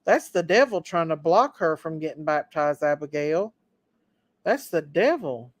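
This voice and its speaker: A woman's voice: deep voice, animated, measured pace. An older woman hosting a live chat, speaking with fervent, preacherly conviction. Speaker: livestream host.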